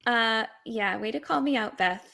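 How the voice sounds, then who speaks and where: A woman's voice: fairly high pitch, normal speed, gravelly, sharp tone. A woman with a New England accent, hosting a casual talk show and gushing enthusiastically over pet photos. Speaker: host. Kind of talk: casual chat on a livestream.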